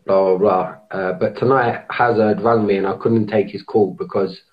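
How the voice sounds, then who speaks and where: A man's voice: on the low side, fairly even intonation, moderate pace, muffled recording. A man hosting a podcast live, chatting casually and rambling, restarting his sentences. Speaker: podcast host. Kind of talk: live-streamed casual chat.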